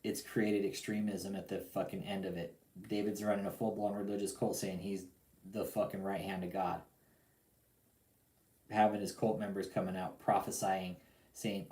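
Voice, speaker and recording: Man, talk show host, profane slangy rant, mellow dark tone, roomy echoey recording. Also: deep voice, moderate pace. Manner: profane, animated ranting with lots of slang. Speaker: podcast host. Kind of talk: casual call-in talk show.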